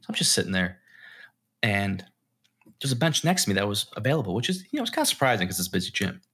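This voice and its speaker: A young man co-hosting a casual podcast, telling a long anecdote with a bright, clear tone. His pitch swings widely as he acts out what people said, and he sounds loose and animated. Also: fast. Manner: animated storyteller, acts out quotes. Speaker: podcast co-host. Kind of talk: casual storytelling chat.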